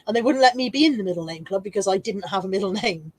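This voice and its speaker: Speaking at medium pitch, animated and fast, a forties-aged English woman runs a reseller livestream. She keeps it chatty, reading viewers' comments and frequently laughing at her own expense.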